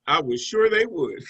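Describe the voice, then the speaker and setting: Man, sports co-host, bright tone, easygoing and chatty, with fillers. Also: high-pitched, husky, low-quality recording. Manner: conversational, loose with fillers and restarts. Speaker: sports talk show co-host. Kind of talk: casual sports analysis chat.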